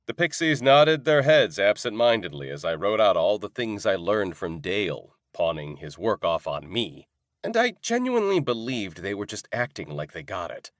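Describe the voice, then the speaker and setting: A man narrating a first-person audiobook in an expressive, conversational way. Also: on the low side, normal speed, dry recording, clean studio sound.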